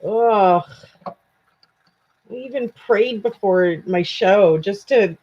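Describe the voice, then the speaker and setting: Tired Canadian woman hosting a live stream, slow-talking and chatty, on dull lo-fi audio. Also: mid-range voice, a little mellow. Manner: chatty and self-deprecating, answers viewer comments. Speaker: true crime channel host. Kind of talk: casual live-stream chat with viewers.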